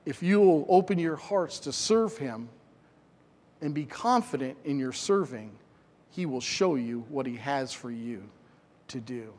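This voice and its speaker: A man's voice: medium pitch, animated, a little slow, darkish tone, long reverb tail. A middle-aged man preaching a sermon in a church, earnest and emphatic, repeating phrases for stress. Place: church sanctuary.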